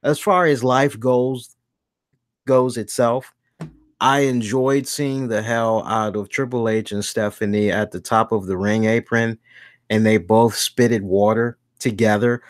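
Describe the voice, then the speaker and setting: A man hosting a wrestling review show in a casual chat, animated and acting out the voices he quotes. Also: medium pitch, unhurried, no echo, studio quality.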